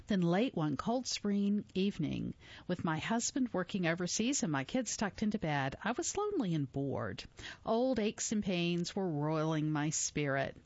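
A woman in her forties narrating a memoir audiobook in a measured, reflective way. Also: on the low side, big pitch swings, darkish tone, no room sound, lo-fi sound.

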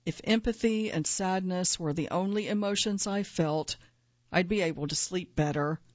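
A woman reading her own first-person nonfiction essay aloud in a measured, earnest way, at times quietly angry. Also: lowish voice, no room sound, muffled recording.

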